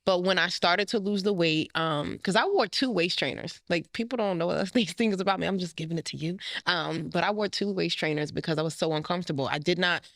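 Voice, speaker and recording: Fast-talking woman telling her story. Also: fairly low pitch, fairly bright tone, no echo, clean studio sound. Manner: emotional, frank storytelling. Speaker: guest, life coach. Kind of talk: candid personal interview.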